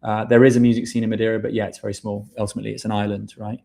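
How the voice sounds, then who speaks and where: A man hosts a livestream in a loose, chatty way, often tossing in "mate". His voice sits low and dark, with a flat, even delivery that rarely rises. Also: racing, gravelly. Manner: relaxed, chatty, addresses viewers as mate. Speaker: livestream host. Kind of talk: casual livestream chat reading viewer questions.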